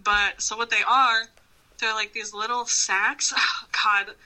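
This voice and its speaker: Bright, swearing woman guest. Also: fairly high pitch, steady tone, a little slow, rough recording. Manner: profane, laughing, rambling. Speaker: podcast guest. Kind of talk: casual phone chat.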